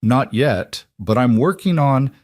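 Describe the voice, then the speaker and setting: A man's voice: mid-range voice, animated, takes it slowly, darkish tone, dry recording, studio quality, pitched above the performer's own voice. A man voicing a weary, struggling single father who talks in a strained, held-together way. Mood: weary, pleading. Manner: strained, holding himself together.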